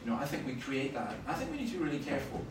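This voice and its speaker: A Scottish man preaching a sermon, telling stories with sudden loud bursts of emphasis. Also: mid-range voice, big pitch swings, racing. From Scotland. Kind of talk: sermon with anecdotes. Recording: roomy, from far off, faint noise.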